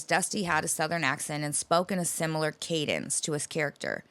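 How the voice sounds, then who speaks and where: Podcast co-host, female, deep fry-heavy voice, cursing and rambling. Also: sing-song, moderate pace, a bit bright, dry recording. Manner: profane, rambling storyteller. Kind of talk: casual chat.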